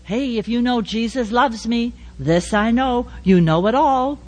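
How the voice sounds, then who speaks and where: Woman testimony speaker, animated storyteller who acts out the voices, voice on the high side. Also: a little slow.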